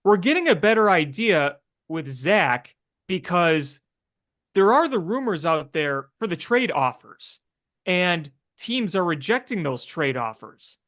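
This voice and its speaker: A man's voice: sits high, sing-song, measured pace, a bit bright. A man co-hosting a sports talk podcast, chatting casually and agreeably with frequent fillers. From Chicago area.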